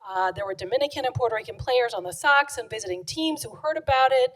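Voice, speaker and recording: A woman's voice: fairly high pitch, fast, rough recording. Chatty woman presenting a book live. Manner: chatty and animated, acts out quotes. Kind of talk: live book talk to an audience. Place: event room with an audience.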